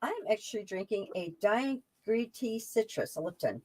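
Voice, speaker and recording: A woman's voice: medium pitch, animated, normal speed, darkish tone. A woman who is a regular on a casual chat show, talking in a cheerful way and laughing easily. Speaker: regular panelist.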